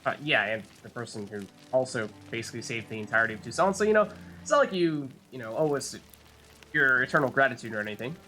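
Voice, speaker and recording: Bright-voiced, chatty gaming man. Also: medium pitch, expressive, fast talker. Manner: chatty, thinking aloud, laughs. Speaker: let's play host. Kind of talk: casual gameplay commentary.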